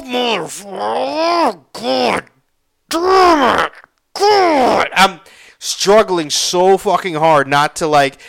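Young man, bright tense voice, rambling and profane, casual storytelling. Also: a little high, clean tone. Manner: profane, rambling, reenacts his own pained outbursts.

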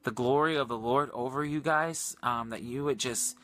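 At a normal speed, a man ministering via livestream earnestly narrates a prayer encounter in a casual storytelling style, rich in quoted dialogue and punctuated by excited highs.

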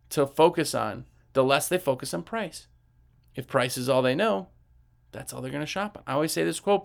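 This business coach speaks on the high side with vocal fry, keeping his tips casual and animated. He asks rhetorical questions and mimics customers as he goes.

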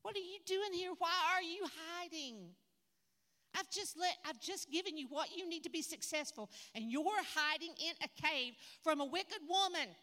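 A woman's voice: very high-pitched, expressive, moderate pace, pushed and bright, long reverb tail, pitched above the performer's own voice, exaggerated voice. A woman voicing God as a commanding male divine voice, asking urgent questions. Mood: urging.

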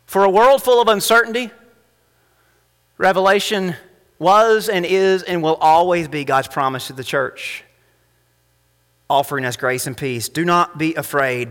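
Impassioned preacher man in a reverberant church. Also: sits high. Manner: impassioned, rising to emphatic peaks then dropping soft. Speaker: pastor. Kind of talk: sermon. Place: church sanctuary. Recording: long reverb of a church hall.

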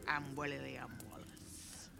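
Woman putting on a slow Scottish warrior hero. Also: extremely low pitch, level tone, gravelly, noisy background, exaggerated voice. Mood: mock-heroic. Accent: put-on Scottish. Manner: slow, theatrical, mock-heroic. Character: boastful Scottish rebel hero, man.

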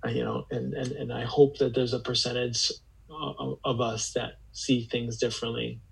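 A man's voice: medium pitch, level tone, moderate pace, gravelly, breathy edge, low-quality recording. A man speaking as a guest in a reflective conversation, earnest and searching, often repeating words as he gathers his thoughts. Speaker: podcast guest.

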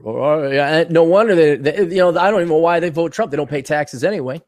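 An older man hosting a podcast while sick, clearing his throat often, ranting sarcastically and profanely and reading out donor messages. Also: a little high, lively intonation, fast, few pauses, a little mellow, no room sound, studio quality. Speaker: podcast host. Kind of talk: casual ranting monologue.

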